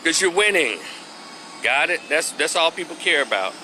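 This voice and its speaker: A man's voice: on the high side, lively intonation, normal speed, bright, forceful tone, a little hiss or hum. A man from Memphis with a Memphis Southern accent, giving a casual opinion monologue in loose, rhythmic street talk. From Memphis, Tennessee. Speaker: commentary vlogger.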